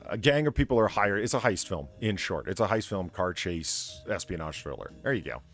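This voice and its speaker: American guy rambling on a podcast, lowish voice, lots of ups and downs. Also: sing-song, fairly quick, a bit bright. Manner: rambling, hesitant, laughs often. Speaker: podcast co-host. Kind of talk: casual chat.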